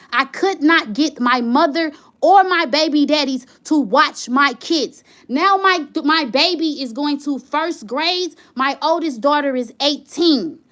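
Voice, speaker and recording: A high-pitched woman vents to the camera. She talks in a heated, rambling way and circles back over the same points. It sounds like a candid home vlog. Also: a bit bright. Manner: heated, rambling, repeats herself when upset. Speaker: vlogger.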